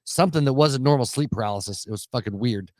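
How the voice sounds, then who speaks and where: A man co-hosts a podcast in loose, rambling talk, swearing freely as he goes. His voice sits at a medium pitch, and the dry, close mic carries no room sound at all. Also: quick pace, a little mellow, dry recording. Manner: rambling, profane, laughing. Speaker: podcast co-host. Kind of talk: casual podcast chat.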